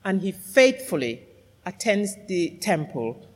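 Nasal preacher, lively, cold-stuffed. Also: mid-range voice, slow. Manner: candid, self-deprecating, lively. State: getting over a cold. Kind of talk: sermon. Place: church. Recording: long church reverb.

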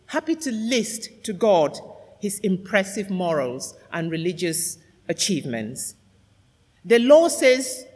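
Nasal preacher, lively, cold-stuffed. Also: medium pitch. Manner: candid, self-deprecating, lively. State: getting over a cold. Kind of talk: sermon. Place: church. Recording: long church reverb.

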